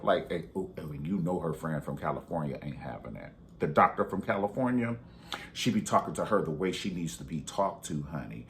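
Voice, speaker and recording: A man casually reviewing a reality show, sassy and animated, jumping between high exclamations and low asides. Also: brisk, slight background noise. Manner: animated and sassy, with big pitch jumps and sudden whispers. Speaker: reality TV commentator. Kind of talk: casual commentary vlog.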